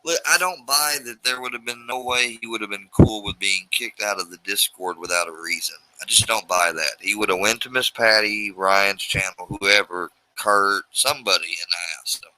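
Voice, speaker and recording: A man's voice: lowish voice, moderate pace, few pauses, sharp tone, slight background noise, low-quality recording. A man commenting on a livestream, sarcastic and mocking as he argues.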